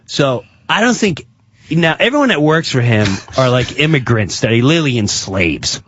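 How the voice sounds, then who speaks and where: A man, a comedian guest on a talk radio show, telling a story in an excitable, animated way. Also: mid-range voice, normal speed, muffled recording, slight background noise.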